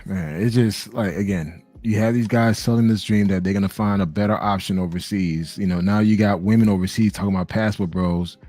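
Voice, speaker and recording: Low-voiced man making his points. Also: fairly even intonation, mellow, faint music behind. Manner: measured, explaining his view point by point. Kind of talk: casual discussion.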